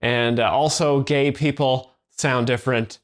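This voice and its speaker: A man giving deadpan, hesitant commentary that explains jokes, halting often with fillers and restarts. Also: medium pitch. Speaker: joke explainer.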